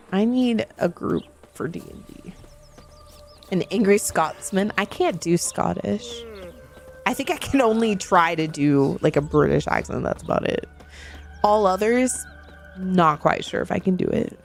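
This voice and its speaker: A woman's voice: mid-range voice, creaky. Chatty giggly woman game streamer. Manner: chatty, giggly, reads chat aloud. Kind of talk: casual chat while playing a video game.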